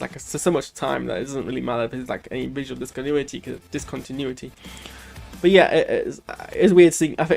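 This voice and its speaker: A man's voice: a little high, vocal fry, darkish tone. A man hosting a casual post-watch reaction, rambling loosely with lots of fillers and restarts while he is ill. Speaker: channel host reviewing a show.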